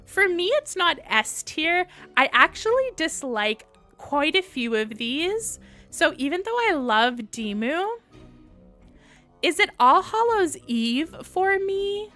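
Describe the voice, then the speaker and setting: A woman's voice: very high-pitched, big pitch swings, slow, bright, forceful tone, soft background music. A young woman hosting a casual livestream, chatting and answering viewers' comments as she goes. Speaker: livestream host.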